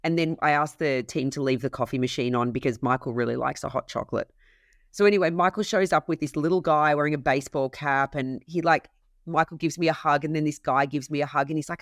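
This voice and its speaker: A woman's voice: deep voice, brisk, no room sound, clean studio sound. A woman pastry chef, a podcast guest, who tells a story with animation, acting out the dialogue and laughing as she goes. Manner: animated, acts out quoted dialogue, laughs while telling. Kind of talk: conversational storytelling.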